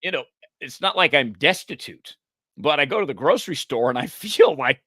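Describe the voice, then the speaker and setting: A man from the United States co-hosting a news talk show, animated and chatty and quick to laugh. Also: on the high side, dry recording, clean studio sound. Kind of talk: casual political chat.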